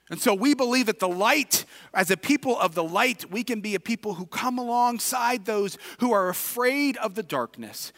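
A high, bright male pastor with a Midwestern American accent delivers a sermon in a church, his voice ringing through a long reverberant hall. He drops to near-whispers at the ends of phrases and rises to shouted emphasis. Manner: builds from quiet reflection to shouted emphasis. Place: church sanctuary. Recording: reverberant hall, distant at times.

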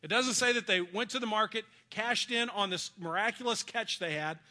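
A middle-aged man preaching a sermon, telling personal stories earnestly and dropping to a soft voice for words of comfort. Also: sits high, normal speed. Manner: earnest storytelling, drops soft for quoted comfort. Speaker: pastor.

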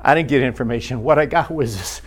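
A man teaching a church class in an earnest, halting way, restarting his sentences often. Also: medium pitch, a little hiss or hum.

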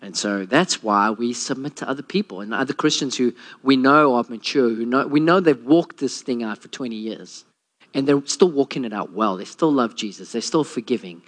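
A man, a pastor, preaching a sermon and telling a Bible story with lively acted-out quotes. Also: normal speed. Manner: storytelling, acts out quotes with a lowered voice.

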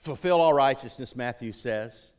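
A middle-aged man preaching a sermon, building to loud, impassioned emphasis on key lines. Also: medium pitch, normal speed.

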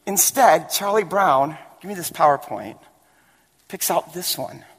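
A man's voice: fairly high pitch, expressive, a little slow, fairly bright tone, breathy edge. A male pastor giving a sermon in a church, chatty and building to emphatic points. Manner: conversational, rising to emphatic. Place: church sanctuary. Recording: long hall reverb.

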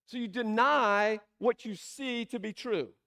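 A man preaching a sermon, asking emphatic rhetorical questions and slowing down to stress key words. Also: high-pitched, gravelly, sharp tone. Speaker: pastor.

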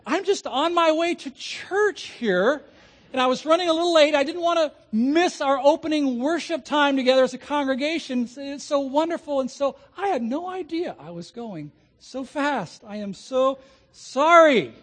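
Man pitching up to play a nervous pulled-over driver, high and breathless, overexplaining. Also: lively intonation, moderate pace. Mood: flustered. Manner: gushing, nervous excuses. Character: flustered, overly apologetic speeding driver.

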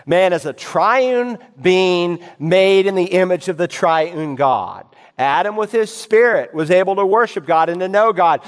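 A man's voice: sits high, moderate pace, hardly any pauses, smooth. A man preaching an expository sermon as pastor, emphatic and instructive as he reads scripture aloud. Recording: long hall reverb.

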